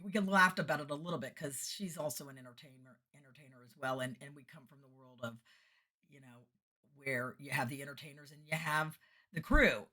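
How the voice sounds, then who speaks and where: A woman entertainer tells a casual, animated story, acting out each exchange. Her voice is low yet forceful and bright. She often drops to a whisper for her asides.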